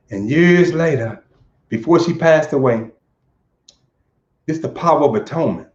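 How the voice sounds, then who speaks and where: A man's voice: a little high, expressive, moderate pace, long pauses, a little mellow. A man from Saint Louis telling a personal story for a live audience. He speaks earnestly and stumbles over repeated words. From Saint Louis, USA. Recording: roomy, dull lo-fi sound.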